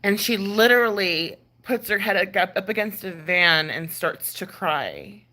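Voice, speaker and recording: Lively, bright-voiced woman ranting. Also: medium pitch, measured pace. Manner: exasperated, swearing, many fillers and sighs. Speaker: ASMR creator ranting on a live stream. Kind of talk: casual rant.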